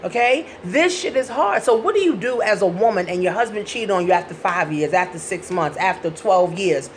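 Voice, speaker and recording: A woman's voice: mid-range voice, lively intonation, moderate pace, a little hiss or hum. A woman coaching viewers in a casual advice vlog, talking bluntly and swearing freely. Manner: blunt and profane, talks straight to viewers. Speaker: life coach.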